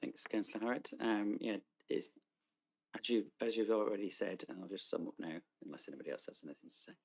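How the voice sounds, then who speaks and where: Man, meeting chair, deep voice, gravelly, procedural, hesitant formal reading, council meeting room. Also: lively intonation, quick pace.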